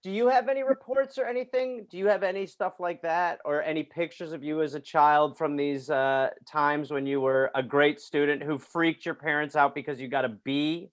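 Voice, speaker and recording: A man's voice: fairly high pitch, steady tone, normal speed, few pauses. A man hosting a comedy podcast over a video call, teasing and sarcastic with his guests. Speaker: podcast host. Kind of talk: comedic banter.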